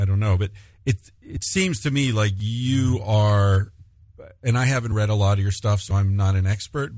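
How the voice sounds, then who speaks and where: A man's voice: on the low side, a little mellow, no room sound. A man from the United States hosting a podcast, bantering casually and swearing freely. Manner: laid-back, profane banter. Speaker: podcast host. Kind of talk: casual interview chat.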